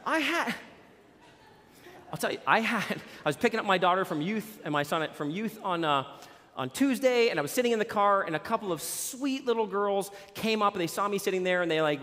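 Male pastor, 40s, high voice, animated storyteller; sermon in a big hall with long reverb. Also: a little fast. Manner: animated, storytelling with jokes and sports analogies. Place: church sanctuary.

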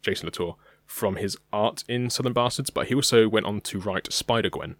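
In a dry recording, a young British co-host of a podcast speaks slightly fast with a voice on the low side. The talk is casual chat, hesitant and peppered with ums.

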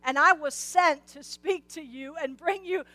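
A woman's voice: sits high, a little slow, sharp tone, no room sound. A woman voicing a mighty male angel who speaks in a stern, emphatic way. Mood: indignant.

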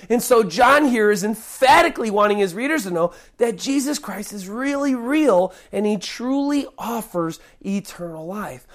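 Delivering a sermon on a Bible passage, this preacher speaks with emphasis and a medium pitch. He keeps restarting his sentences and erupts now and then into abrupt loud bursts.

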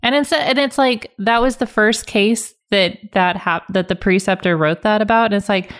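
A woman's voice: mid-range voice, normal speed. A woman in a casual podcast chat, making sarcastic, exasperated comments on a show. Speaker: podcast co-host.

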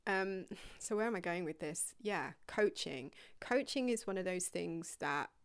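A woman's voice: lowish voice, expressive, a little slow, clear, resonant tone, no room sound. A woman who is a yoga teacher and coach, talking in a casual podcast monologue. She is candid and rambling, laughs often and apologizes in a self-deprecating way.

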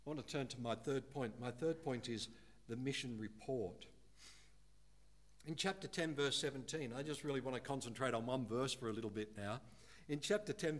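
A male pastor preaching a sermon in church. He speaks earnestly, slowing down to stress key words and growing animated when he acts out how people talk. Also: a little high. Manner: earnest, animated when quoting, slows for emphasis.

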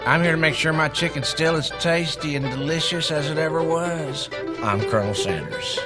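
An actor playing a folksy old male chicken colonel in a TV commercial, with a drawling pitchman delivery over music. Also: normal speed, close to an everyday voice. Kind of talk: TV commercial acting.

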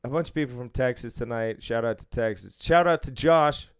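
A man in his thirties tells a work story in relaxed chat, cursing often and slipping into the voices of the people he quotes. His voice is smooth and clear. The sound is dry, with no room echo. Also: mid-range voice, brisk. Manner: profane, animated, acts out quotes. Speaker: casino supervisor telling a story.

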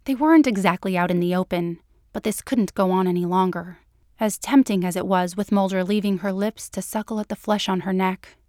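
A woman narrating a romance story in an even storytelling manner. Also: mid-range voice, a little fast, no room sound, studio quality. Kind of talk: audiobook narration.

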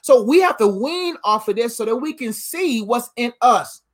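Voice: mid-range voice, lively intonation, moderate pace. A pastor giving a conversational livestreamed sermon, repeating key lines and adding playful asides.

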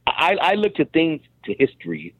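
A man's voice: on the high side, wildly swooping pitch, normal speed, slightly rough, no echo. Blunt guy on a tinny phone line, dead dry, stumbles over his words a lot. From Mexican-American background. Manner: blunt, repeats words when starting a thought. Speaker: guest. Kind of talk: casual podcast chat.

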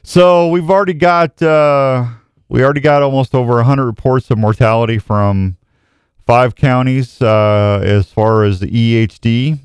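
A man's voice: medium pitch, fairly even intonation, normal speed, clean tone, no echo. A man hosting an outdoors radio show in a studio, chatting casually and rambling a little as he reads hunting and fishing reports. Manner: rambling, self-deprecating, reads reports aloud. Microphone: studio microphone.

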